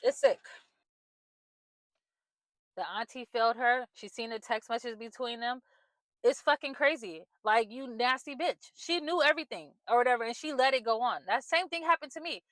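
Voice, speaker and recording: A young woman, a mother, speaking bluntly and angrily into her phone, swearing freely, her voice dropping low when she gets upset. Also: normal speed, long pauses, a bit bright, no room sound, low-quality recording. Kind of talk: emotional vlog monologue.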